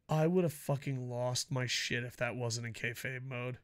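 A man giving a casual, profane wrestling preview rant, mocking and swinging between loud outbursts and low mutters. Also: fairly even intonation, normal speed, few pauses. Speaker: wrestling vlogger.

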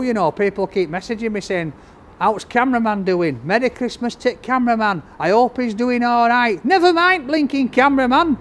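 A man's voice: high-pitched, a little hiss or hum. A man doing a chatty, jokey takeaway review in a cold outdoor makeshift greenhouse. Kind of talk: casual food review.

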